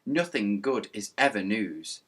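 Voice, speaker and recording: A man voicing a gloomy fifteen-year-old girl with a flat, mournful delivery in a children's story. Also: fairly low pitch, measured pace, slightly rough, heavily acted. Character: gloomy teenage girl, fifteen, dressed in black.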